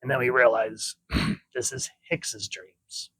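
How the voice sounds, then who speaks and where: An enthusiastic young man talks through a comic book, pointing out details of the art in a casual, chatty way. His voice sits at an ordinary middle pitch, and the recording is close and dry with no room echo. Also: fairly even intonation, takes it slowly, bright, forceful tone, husky. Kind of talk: casual comic review with dramatic reading.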